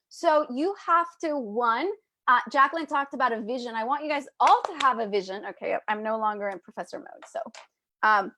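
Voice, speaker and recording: An energetic woman coaching her group live, playful and quick to act out little voices. Her voice sits high, and the close mic keeps it dry with no room sound. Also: no echo. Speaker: business coach.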